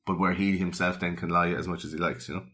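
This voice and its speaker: Low-voiced man in casual chat. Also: quick pace. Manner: animated storyteller, acts out quotes. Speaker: podcast co-host.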